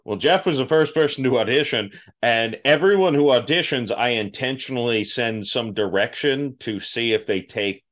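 Male podcast host, young adult, casual and self-mocking, mid pitch. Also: moderate pace, few pauses, a bit bright. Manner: self-deprecating, laughing at his own stories. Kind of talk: casual interview chat.

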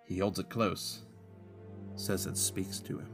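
A man voicing a sixteenth-century male Spanish explorer with a put-on Spanish accent, reading journal entries in a solemn, measured way, over background music. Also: low-pitched.

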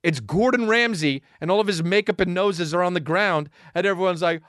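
A man telling a comedic story in an excitable, profane rant that is heavy on "dude". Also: high-pitched, fairly quick, no room sound, studio quality.

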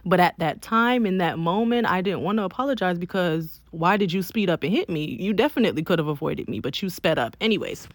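A young woman from Miami telling a personal story in a casual, emphatic, animated way, often saying "like.". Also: on the low side, a little fast, few pauses, no echo. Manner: emphatic, animated retelling with frequent "like".

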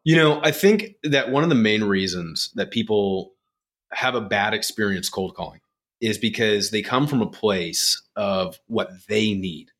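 A man's voice: lowish voice, a little slow. A man speaking as a guest on a podcast in casual conversation, reflective and often ending points with "right?". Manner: reflective, drops quieter when musing, frequent "right?" tags. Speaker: podcast guest, company co-founder.

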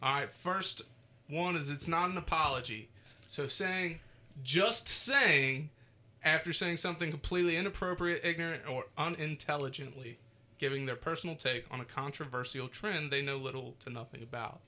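Bright-voiced man hosting a casual chat. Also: on the high side, moderate pace. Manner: loose, joking, swears casually. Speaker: podcast host. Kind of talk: casual group chat reading a list.

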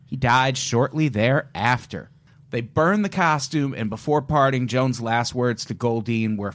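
A man's voice: medium pitch, a little slow, fairly bright tone. A man co-hosting a podcast, telling a crime story in a casual, joking way. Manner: joking, storytelling, puts on an old-timey voice at times. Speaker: podcast co-host.

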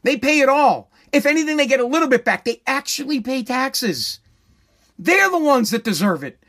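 High-voiced man on a profane rant. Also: sing-song, moderate pace, a bit bright. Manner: sarcastic, profane, indignant. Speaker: ranter.

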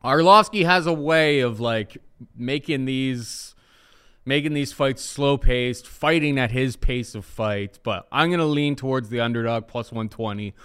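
Smooth-voiced man weighing betting odds. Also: medium pitch, a bit bright. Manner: measured, analytical, with frequent "um" and "like". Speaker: co-host, fight analyst. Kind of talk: casual podcast chat making betting picks.

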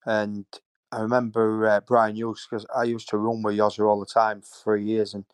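A man's voice: lowish voice, flat delivery, moderate pace, clear, resonant tone, dry recording. A man, a former footballer telling stories in a rambling, emotional way. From Hull, England. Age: 50s. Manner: rambling, repeats words, emotional. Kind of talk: casual storytelling interview.

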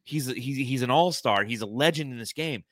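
Podcast co-host, male, bright edge in the voice, dry close sound, blunt and salty, heavy on stats. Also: medium pitch, moderate pace, no echo. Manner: blunt, profane, quoting stats. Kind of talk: casual sports podcast chat.

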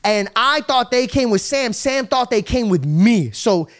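A young man hosting a podcast, telling stories in a casual, animated way, acting out voices and swearing freely. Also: very high-pitched, unhurried. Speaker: podcast host. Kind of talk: casual storytelling chat. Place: podcast studio.

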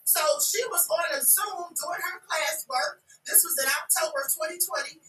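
A woman hosting a podcast, giving casual news commentary in an animated way and often dropping to a loud whisper. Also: extremely high pitch, moderate pace, recorded from a distance. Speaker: podcast host. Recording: echoey room, away from mic.

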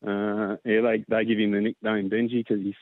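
An Australian man calling in to a radio show, chatting casually and warmly, sometimes getting emotional. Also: fairly low pitch, little pitch movement, normal speed, no room sound. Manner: heartfelt, gets emotional. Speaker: caller. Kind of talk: casual phone-in chat. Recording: tinny phone line.

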